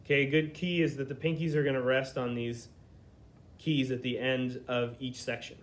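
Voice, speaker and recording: A man's voice: mid-range voice, flat delivery. A man teaching a beginner flute lesson, explaining hand positions step by step and checking in often with "okay?". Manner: patient, explains slowly, checks in with frequent "okay?".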